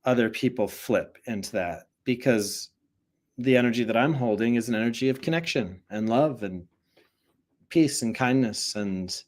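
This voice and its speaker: A man's voice: medium pitch, moderate pace. A young man giving a loose, conversational spiritual teaching, telling a story and then encouraging listeners, with many fillers like "like" and "you know". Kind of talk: casual live talk mixing storytelling and spiritual teaching.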